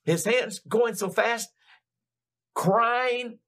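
An older man preaching a sermon, retelling a story in an animated, building way with frequent restarts. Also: fairly high pitch, measured pace.

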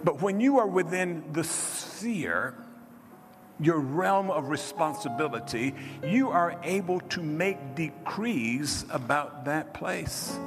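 A man preaching a sermon, leading call-and-response with the congregation and rising to shouts. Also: on the high side. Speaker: pastor. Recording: reverberant hall with music behind.

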